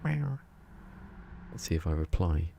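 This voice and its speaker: A man's voice: low voice, fairly even intonation, normal speed, vocal fry, a little mellow, slight background noise. A man chatting casually while streaming a game, rambling and chuckling as he talks to himself. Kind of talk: casual gaming stream chat. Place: home room.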